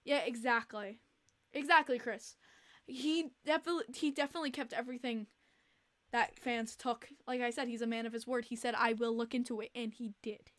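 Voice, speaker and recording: A young woman hosts a casual podcast livestream in a high, bright-pitched voice. She talks in an animated, exasperated way, repeating her points with plenty of fillers. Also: normal speed. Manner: chatty, with many fillers. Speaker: podcast host.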